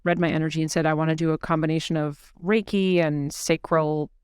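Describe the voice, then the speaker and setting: A woman podcast host telling a personal story in casual conversation, earnest and animated, with quoted speech. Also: deep voice, a little fast, smooth, no echo, studio quality.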